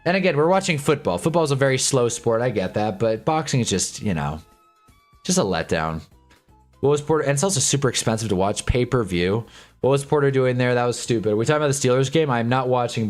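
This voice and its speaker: A tired young man giving casual, rambling live football commentary with sarcastic asides. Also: medium pitch. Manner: laid-back, rambling, sarcastic asides, frequent "whatever" and "anyway". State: tired, yawning. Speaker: football watch-along streamer.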